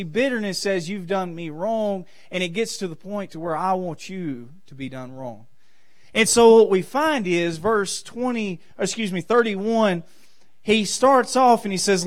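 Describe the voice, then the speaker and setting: Man, preacher, sermon, fairly high voice, swings between loud emphasis and soft asides. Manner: preaching with rising and falling emphasis. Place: church.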